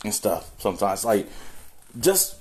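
A man's voice: lowish voice, sing-song, unhurried, a little mellow, husky. A man hosting a casual solo podcast into a phone, rambling and swearing as he talks, interrupting himself often. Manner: profane, rambling, self-interrupting. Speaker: podcast host. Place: room at home.

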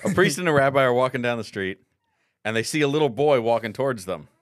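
A man co-hosting a casual podcast, telling crude jokes with dry, deadpan timing. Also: medium pitch, fast, no echo. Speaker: podcast co-host.

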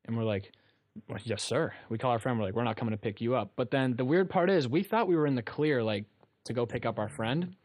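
A man's voice: mid-range voice, quick pace, darkish tone, no room sound. A young man telling a rambling story on a casual talk show, often laughing at his own tale. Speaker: guest storyteller.

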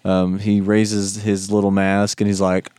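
A man's voice: completely flat delivery, unhurried, warm tone, clear, resonant tone, no echo, studio quality. A man in casual chat, retelling a movie scene by scene and acting out the quotes. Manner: acts out quotes in a higher voice, loose and laughing. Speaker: movie discussion co-host.

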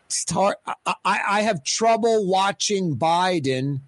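A man talking on his radio show from a studio with a close microphone. His voice sits a bit high for a man, and the sound is dry with almost no room. He chats loosely and repeats himself in stammered restarts. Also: expressive, slow pace, no echo. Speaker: radio talk show host. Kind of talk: casual radio talk with giveaways.

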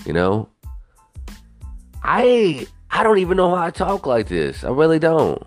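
A man's voice: a little high, unhurried, soft background music. A young man hosting a podcast, ranting casually with lots of swearing and rambling asides. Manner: profane, rambling, animated. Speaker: podcast host. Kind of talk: casual solo podcast rant.

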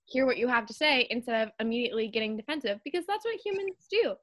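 Young female podcast host, higher pitch, chatty and advice-giving. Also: very animated, fast, a bit bright. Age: young adult. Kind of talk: casual chat.

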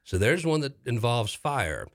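In an unhurried, mid-range voice, this middle-aged host shares a dramatic story on his talk show. The telling is laid-back but animated, and he repeats phrases for effect.

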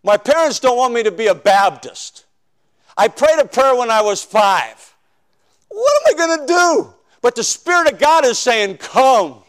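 High-voiced preacher telling his testimony. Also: animated, normal speed, clean tone. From northern United States. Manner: storytelling, dramatic swings from loud to hushed. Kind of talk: sermon testimony.

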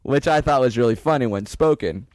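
A young man talks in a rambling, self-mocking way on a podcast, acting out his own thoughts as he tells a story. His voice sits at an ordinary pitch. The sound is dry and close to a handheld mic. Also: expressive, a little fast, a little mellow, no echo. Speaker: podcast co-host. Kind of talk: casual comedic chat.

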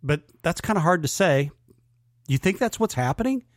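A man's voice: on the high side, animated, normal speed, no room sound, studio quality. A man co-hosting a sports podcast, asking questions and agreeing in casual chat. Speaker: podcast co-host.

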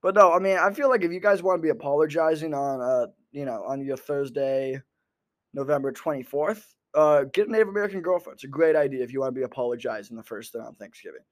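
A man's voice: a little high, fast. A young man rambling into a microphone in a sardonic stand-up style, full of fillers. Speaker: comedian podcaster. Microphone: talking into a microphone.

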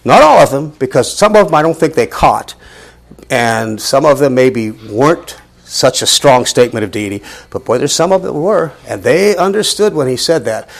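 A man leads a Bible study in a church, his voice swinging widely in pitch as he stresses his points. He talks to the group in a conversational, emphatic way, at a middle pitch for a man. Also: moderate pace, gravelly. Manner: animated, emphatic, conversational teaching. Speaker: Bible teacher.

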